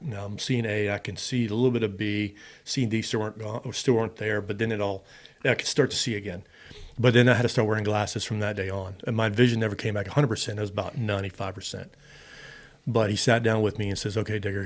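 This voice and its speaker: A middle-aged American man, a former fighter pilot, casually telling a long personal story in an interview and acting out both sides of the dialogue. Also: fairly low pitch. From United States. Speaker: podcast guest, retired fighter pilot.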